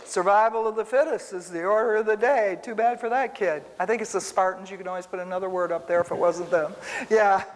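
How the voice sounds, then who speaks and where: In a reverberant church hall, a Bible teacher with a medium-pitched voice speaks briskly, delivering a casual sermon full of personal stories. She tells them animatedly and addresses her listeners directly.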